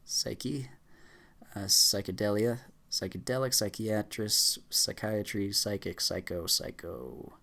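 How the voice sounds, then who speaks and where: A man with a fairly low voice reads dictionary entries aloud as fast as he can for a speedrun challenge. He rattles through the words, tripping over a few and starting them again. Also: creaky, pushed and bright. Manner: rattling off words fast with frequent stumbles and restarts. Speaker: YouTuber. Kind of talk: rapid list reading for a speedrun challenge.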